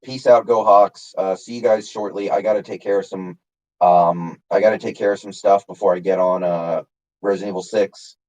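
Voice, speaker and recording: A man's voice: low voice, steady tone, normal speed, darkish tone, dull audio. A man casually chatting on his live stream, answering chat by name with lots of fillers. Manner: rambling, reads chat names, many fillers.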